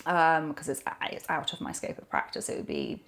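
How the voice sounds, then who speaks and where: A woman's voice: deep voice, very animated, moderate pace, creaky, a bit bright. A woman, a nutrition coach, talking animatedly in a podcast interview, rambling with lots of fillers and restarts.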